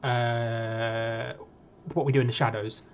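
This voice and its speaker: A man's voice: medium pitch, flat delivery, slow pace, clean tone, muffled recording. A man co-hosting a live football watch-along, chatty and upbeat as he promotes his content. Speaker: watch-along co-host and podcaster. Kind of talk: casual live stream chat.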